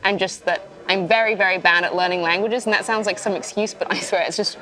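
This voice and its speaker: A woman's voice: mid-range voice, fairly even intonation, quick pace, bright, forceful tone, rough recording. A woman in her thirties, a designer guest in an interview, chatting casually and self-deprecatingly, laughing easily.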